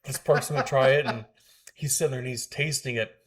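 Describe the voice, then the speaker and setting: A man's voice: mid-range voice, fairly quick. A man co-hosting a podcast, telling stories in a casual chat and laughing often. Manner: animated storyteller, laughs a lot. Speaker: podcast co-host.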